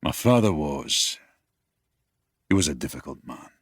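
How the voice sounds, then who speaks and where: A brooding young wolf king with a very deep, husky voice for a fantasy romance audiobook. He talks in an easygoing, teasing way. The studio sound is close and completely dry. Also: sing-song, measured pace, dry recording, full character voice. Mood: wistful. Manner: easygoing, teasing, turns quiet and wistful. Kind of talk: dual-narration audiobook acting. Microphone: close studio mic, dry.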